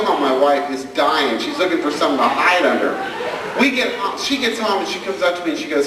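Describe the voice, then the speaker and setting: This stand-up comedian and parenting speaker, a man, tells stories on stage and acts out his daughter's questions, speaking a little fast and expressively with a slightly high voice. A far-off camcorder captured him in a hall with an audience, so the recording sounds echoey and distant, with heavy background noise.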